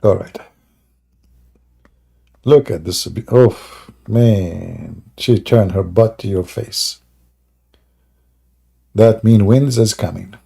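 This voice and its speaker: A man hosting a live stream with mocking, sarcastic commentary and broken English grammar, often rising into loud taunting exclamations. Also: lowish voice, takes it slowly, vocal fry, long pauses, slightly rough.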